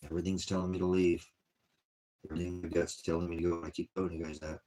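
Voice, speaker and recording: A fast talker with a low, warm, gravelly and husky voice that barely moves in pitch, this man hosts an online ministry. In a casual vlog he rambles wearily about his troubles, sighing and drifting between topics.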